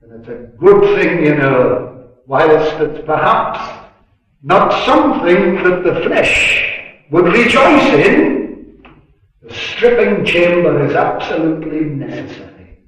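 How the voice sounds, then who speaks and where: Slow, earnest man preaching in an echoey hall. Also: fairly high pitch, very animated, fairly bright tone. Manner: slow, earnest, swelling on key words, chatty "you know" asides. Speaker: preacher at a gospel meeting. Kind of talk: sermon. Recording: echoey room, distant mic, dull lo-fi.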